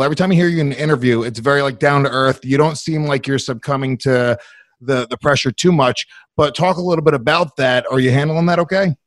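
A man's voice: medium pitch, no echo. A man co-hosting a podcast, asking questions in a hesitant way as he searches for words. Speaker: podcast co-host. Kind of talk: casual interview chat.

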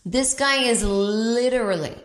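A woman comedian and podcast host telling a comedic story, animated and acting out voices with big jumps in pitch. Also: measured pace, roomy sound. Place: home in Brooklyn.

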